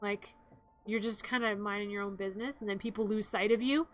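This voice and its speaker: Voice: medium pitch, fairly even intonation, a little fast, a bit bright. A streamer chatting casually on a live stream, in a playful, giggly way, acting out zombie growls and screams.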